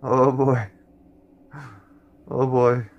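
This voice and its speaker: A man's voice: medium pitch, level tone, extremely slow, highs cut off. A man hosting a gaming channel, reacting to a horror game with jumpy, swearing commentary addressed to his viewers.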